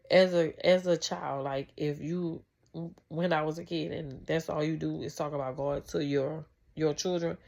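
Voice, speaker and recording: Low-voiced woman with a gravelly edge. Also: darkish tone. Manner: rambling, heartfelt, many "like"s and restarts. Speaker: vlogger. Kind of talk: casual faith talk to camera.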